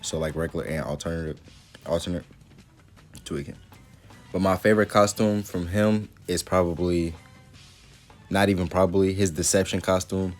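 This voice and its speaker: A man talking casually to his viewers in a relaxed, rambling way, full of fillers. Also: low voice, normal speed, pauses often, soft background music. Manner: laid-back, rambling, lots of fillers. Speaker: YouTuber. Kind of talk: casual video commentary.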